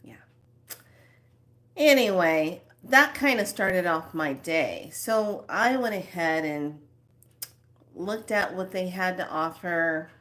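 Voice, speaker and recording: A woman talking in a casual, rambling spiritual monologue as host of her own channel, with soft asides now and then. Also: on the low side, expressive, takes it slowly.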